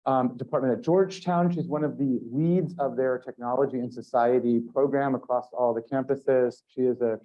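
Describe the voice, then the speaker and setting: A man hosts a conference session, introducing the panelists in a rambling, halting way with plenty of fillers. The recording is a little dull and muffled, as if captured in a lecture hall. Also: mid-range voice, fairly even intonation.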